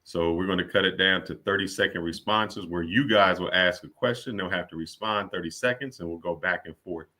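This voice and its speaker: Deep, bright-toned man explaining calmly. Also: brisk, few pauses.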